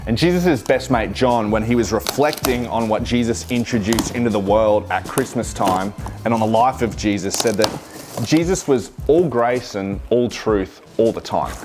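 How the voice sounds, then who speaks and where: A man with an Australian accent giving an earnest, conversational short video sermon, slowing down to stress key words. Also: fairly low pitch, over music. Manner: earnest, conversational, slows for emphasis. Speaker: pastor.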